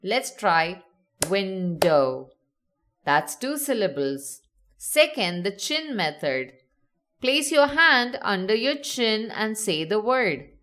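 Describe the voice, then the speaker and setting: A woman narrating a scripted lesson, slowly sounding out example words with clear enunciation. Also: mid-range voice, big pitch swings, sharp tone. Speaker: teacher.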